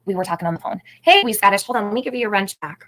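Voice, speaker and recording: A woman's voice: mid-range voice, animated, racing, a bit bright, no room sound, rough recording. A middle-aged woman hosting a casual livestream, chatting, greeting viewers by name and laughing often. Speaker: livestream host.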